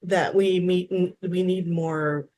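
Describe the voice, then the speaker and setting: A woman in her fifties from Wisconsin, a therapist guest telling lively stories and acting out quotes in a casual interview. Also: on the low side, takes it slowly. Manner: animated storyteller, acts out quotes.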